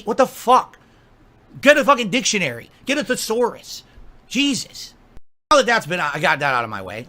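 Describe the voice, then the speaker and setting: A man's voice: high voice, sharp tone. A man delivering an angry, profane rant, scolding and mocking someone at length. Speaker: streamer.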